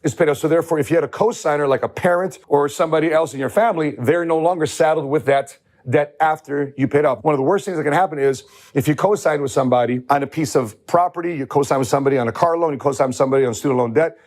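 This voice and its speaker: Guy at a whiteboard talking fast about insurance, kinda high voice, real earnest. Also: darkish tone. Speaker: life insurance agent. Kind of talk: whiteboard social media clip.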